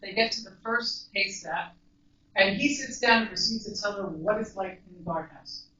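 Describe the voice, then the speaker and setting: A woman, a mental health counselor, giving an earnest, measured storytelling talk to a live audience. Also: mid-range voice, bright, forceful tone, slight background noise. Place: large echoey event room. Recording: echoey, distant, dull live recording.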